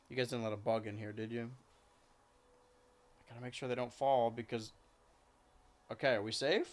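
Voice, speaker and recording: A man's voice: mid-range voice, fairly even intonation, moderate pace, pauses often. Chatty male streamer cooing at cats. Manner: chatty, coos and baby-talks to his cats. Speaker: live streamer. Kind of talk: casual stream chat.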